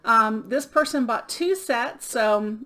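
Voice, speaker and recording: A woman's voice: a little high, animated, takes it slowly, a bit bright. A middle-aged woman from Florida, sick and out of breath, chatting casually through items she sold, with many ums. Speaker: eBay reseller vlogger. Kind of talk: casual show-and-tell vlog.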